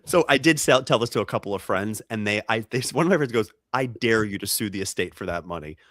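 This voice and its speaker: A podcast co-host talks fast on a comedy show, telling stories in casual conversation. He's animated, acting out the people he quotes with jumps in pitch. The recording is dry and of studio quality.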